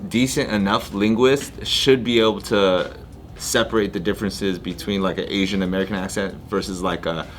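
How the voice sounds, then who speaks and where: Lower-voiced man explaining on a podcast. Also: steady tone, normal speed, a little hiss or hum. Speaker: podcast co-host. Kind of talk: casual chat.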